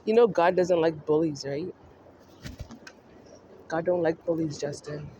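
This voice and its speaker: Slow, scolding woman vlogger. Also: low voice, steady tone, mellow, highs cut off, slight background noise. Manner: scolding, mocking, addresses the subject directly. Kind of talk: ranting commentary monologue.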